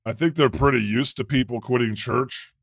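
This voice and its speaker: A man playing a gravelly laid-back God. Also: mid-range voice, normal speed, no room sound, clean studio sound. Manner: casual, plugs the show, deadpan jokes. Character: God, a laid-back male deity hosting a podcast. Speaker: host. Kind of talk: comedy podcast banter.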